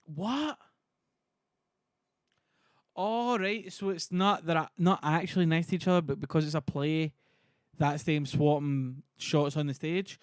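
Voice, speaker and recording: A male streamer with a high voice, chatting casually between readings. He swears freely and argues with his chat in exasperation, and the sound is close and dry. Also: unhurried, long pauses, clean tone, dry recording.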